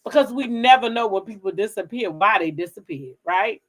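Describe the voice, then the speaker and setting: A woman hosts a casual gossip livestream at an ordinary mid pitch. She tells her stories in an animated, profane way and talks straight to her viewers. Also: fairly quick. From Kensington, Maryland, near Washington DC. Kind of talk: casual chat with live viewers.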